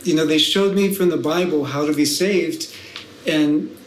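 A man's voice: a little high, a little slow, reverberant, a little hiss or hum, low-quality recording. A middle-aged man, a guest professor, recounting his story thoughtfully with dry humour. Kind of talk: podcast interview.

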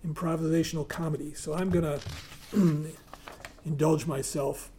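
A man giving a talk, partly reading aloud and partly speaking freely with hesitations, and often clearing his throat. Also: fairly high pitch, steady tone, normal speed, mellow, slight background noise. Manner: reads aloud, then speaks with hesitations and fillers.

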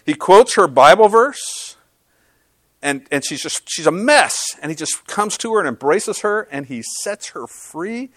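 Male pastor, middle-aged, sermon, conversational storytelling, self-deprecating, slightly high voice. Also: very animated, a little slow, fairly bright tone, no room sound.

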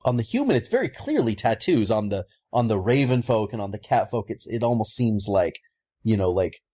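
A man's voice: fairly low pitch, a little mellow, slightly rough. A man narrating a tabletop game as game master, hesitant with many restarts.

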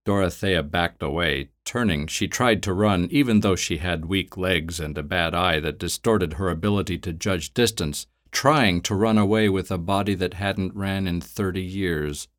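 A man narrating a dark story in a measured, steady reading. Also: low-pitched.

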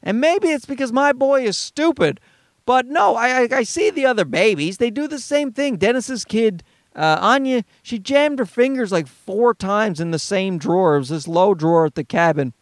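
A man's voice: very high voice, lively intonation, normal speed, no echo, studio quality. A father ranting heatedly and profanely about other parents' advice, talking from inside his car. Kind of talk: ranting monologue.

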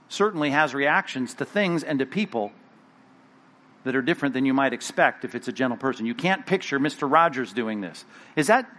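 Animated man preaching a conversational sermon. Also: on the high side. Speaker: pastor.

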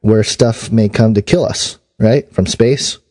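Mellow low man reading news. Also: measured pace. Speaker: podcast co-host. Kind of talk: casual chat reading news items.

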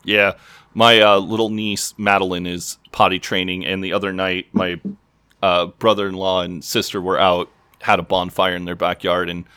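A man in his thirties, casually retelling show scenes as a podcast co-host, slipping into quick character voices and laughing. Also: sits low, level tone, bright, forceful tone, smooth, no room sound. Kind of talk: casual recap chat.

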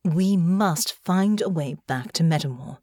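Woman voicing a grim young noblewoman, low, slow, soft, sometimes near a whisper, dry close sound. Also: expressive, no room sound. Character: tall young noblewoman Delphinia, grim and knowing. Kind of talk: audiobook character voice.

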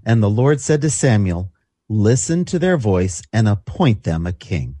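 Husky male co-host reading scripture. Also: lowish voice, big pitch swings, unhurried, dark tone, no room sound, studio quality. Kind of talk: scripture reading on a talk show.

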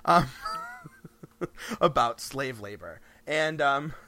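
A man's voice: medium pitch, expressive, very slow, pushed and bright, no echo. A man co-hosting a podcast in casual chat, rambling with frequent restarts and laughs between phrases. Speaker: podcast co-host.

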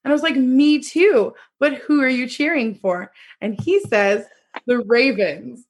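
A woman's voice: sits high, measured pace, husky. A young woman co-hosting a podcast, animatedly retelling a dating story with acted quotes and laughter. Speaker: podcast co-host. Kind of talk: casual chat, storytelling.

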